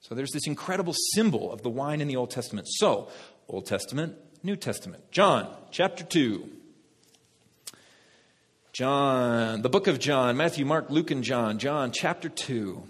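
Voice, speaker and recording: A male pastor preaching a sermon, lively, talking directly to the congregation. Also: mid-range voice, measured pace, breathy edge. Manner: lively, talks to the congregation, laughs at own jokes. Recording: long reverb of a hall.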